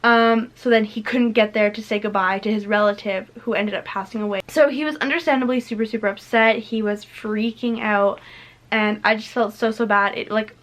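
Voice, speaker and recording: A teenage girl, her voice on the high side and fairly bright, tells a storytime vlog into her camera mic. The retelling is chatty and packed with fillers, especially "like" and "literally."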